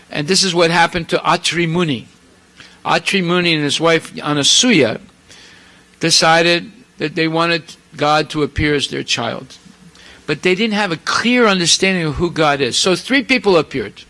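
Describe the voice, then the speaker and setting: A male preacher telling scripture stories in an animated sermon, acting out the characters with asides to the audience. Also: a little high, normal speed, rough recording. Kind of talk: storytelling sermon.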